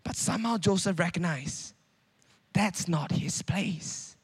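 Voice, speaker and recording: A man's voice: sits high, takes it slowly, husky. A man preaching a sermon in a conversational way, with many rhetorical questions.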